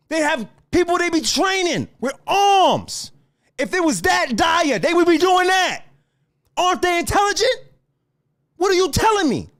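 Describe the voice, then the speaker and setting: A man delivers a heated, profanity-laced solo rant to his listeners. His voice sits very high and leaps up and down as he lectures. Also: a bit bright. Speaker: podcast host.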